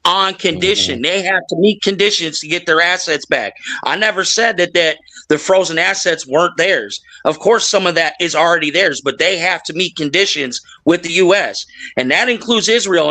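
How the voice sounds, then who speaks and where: A man's voice: high-pitched, bright, forceful tone, low-quality recording. A male panelist in a heated debate, emphatic and swearing casually.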